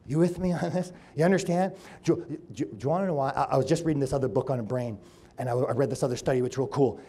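A man speaking as a chiropractor at a live seminar, telling stories energetically, acting out the people in them and swinging between loud and hushed. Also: medium pitch, fast. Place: room with an audience.

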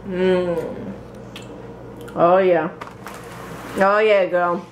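A woman's voice: on the low side, steady tone, very slow, roomy sound, slight background noise. A woman vlogging at home over dinner, chatting casually and teasing with a light, laughing manner. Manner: playful and teasing, laughs often. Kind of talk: casual family chat.

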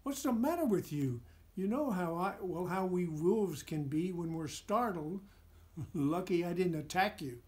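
A man's voice: high voice, lively intonation, unhurried, darkish tone. A man voicing a dejected young male wolf on a long journey, in a storybook reading. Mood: startled.

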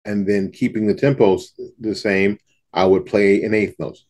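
A man's voice: fairly low pitch, fairly even intonation, a little slow, darkish tone. A man teaching saxophone students in a casual, folksy talk to camera, often repeating himself and scatting rhythms aloud. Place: home studio in front of a backdrop.

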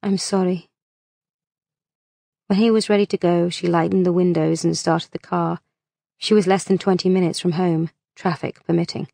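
A woman narrating an audiobook in a measured, unhurried reading voice on a close mic. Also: lowish voice, fairly even intonation, vocal fry, warm tone, no room sound.

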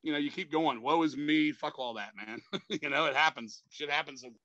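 Man in his fifties, swearing storyteller, bright forceful voice, dry muffled sound. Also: fairly high pitch, moderate pace, no room sound. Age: 50s. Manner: profane, rambling, says "man" constantly. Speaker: metal band frontman, guest. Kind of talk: casual interview storytelling.

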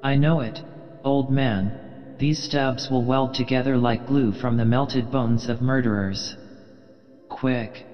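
A man's voice: medium pitch, steady tone, slow pace, big-room sound, dull audio, soft background music, close to an everyday voice. A man reading an audiobook, voicing an obsessed, commanding old sea captain with an intense, imperious manner.

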